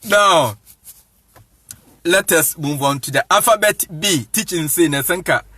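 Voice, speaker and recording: Man with a high, bright voice. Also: no echo, soft background music. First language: Akan. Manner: mixes Akan and English, laughs often, drawn-out emphasis. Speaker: evangelist. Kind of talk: casual lecture.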